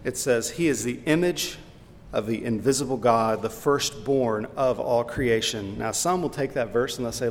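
Male pastor, sermon, emphatic, questioning, long hall reverb, faint low rumble. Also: normal speed.

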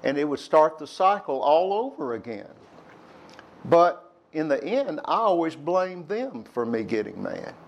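A man's voice: on the high side, big pitch swings, a little slow, creaky. An older man telling candid personal stories to young people. He rambles a little and acts out old quarrels by raising his voice. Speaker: speaker addressing young people. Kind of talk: personal storytelling talk.

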